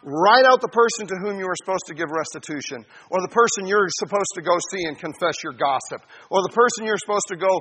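Bright-voiced animated preacher man. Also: high-pitched, quick pace, few pauses, slightly rough. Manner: animated, acts out voices, addresses listeners as saints. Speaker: pastor. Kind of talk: sermon.

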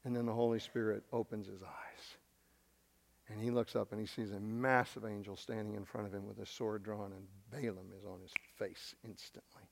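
A man preaching a sermon, retelling a scripture story with lively acting and humorous asides. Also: fairly low pitch, normal speed, gravelly. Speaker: pastor.

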